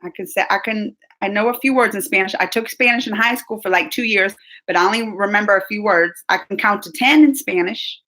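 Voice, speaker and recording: A woman's voice: mid-range voice, brisk, bright, forceful tone. A woman hosting her own reaction channel, chatting casually with viewers during a live stream, gushing and laughing often. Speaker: YouTube reaction channel host.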